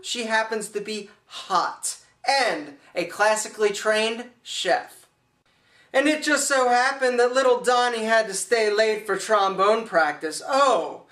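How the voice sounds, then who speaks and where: A man's voice: high voice, fairly bright tone, reverberant, recorded from a distance. A man telling a playful, theatrical story and presenting his own video, with big swings in his voice. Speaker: style vlogger. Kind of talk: playful comedic vlog pitch.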